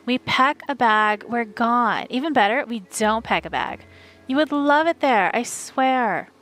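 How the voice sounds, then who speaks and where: A woman's voice: a little high, expressive, a little slow, a bit bright, soft background music, low-quality recording. A woman reading as a spoiled rich young woman. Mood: drawling. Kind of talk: live audiobook reading.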